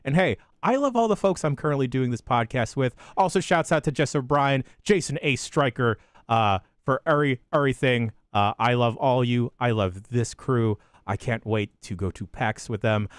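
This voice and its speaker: A man hosting a podcast, reading a rapid list of listener shout-outs in a deadpan way with crude jokes. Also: clean tone, dry recording, studio quality. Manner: deadpan delivery with sudden pitch jumps and crude jokes.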